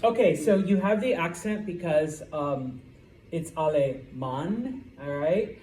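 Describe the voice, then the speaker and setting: A man's voice: sits high, measured pace, darkish tone. A man teaching a Spanish class, explaining grammar and often checking in with "okay?". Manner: checks in with "okay?" after each point. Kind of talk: classroom lecture. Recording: roomy classroom with faint background noise.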